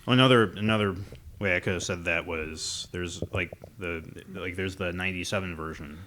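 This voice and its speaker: A man's voice: low voice, normal speed, sharp tone, a little hiss or hum. A man co-hosting a podcast in casual chat, hesitant and often trailing off with fillers. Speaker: podcast co-host.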